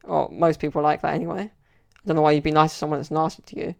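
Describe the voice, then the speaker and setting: A man rambles through a casual solo podcast story, leaning on lots of fillers. His voice has a gravelly fry, and his pitch stays flat and even. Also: fast talker. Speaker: podcast host.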